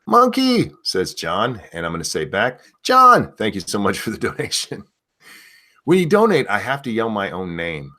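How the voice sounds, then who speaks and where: A man's voice: fairly low pitch, normal speed. A man hosting a casual chat show, rambling through crude jokes and reading out donations. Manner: loose rambling crude humor, animated. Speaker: show host.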